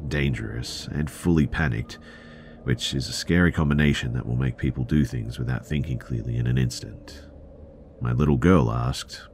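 Very deep-voiced male story narrator. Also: a little mellow, a little hiss or hum. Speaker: podcast narrator. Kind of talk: scripted narration of a listener's true scary story.

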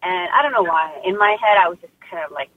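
Woman guest, casual and warm-hearted talker, lots of fillers, heard over a tinny phone line. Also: on the low side, animated, fast talker. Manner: chatty, heartfelt, lots of "you know" and "like". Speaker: guest mother sharing birth story.

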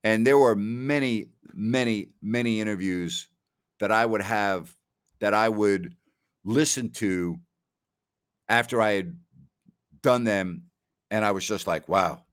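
A man's voice: fairly low pitch, takes it slowly, long pauses, smooth. A middle-aged man from New York hosting a casual talk show, chatting with stream listeners and telling stories where he often repeats words and quotes people.

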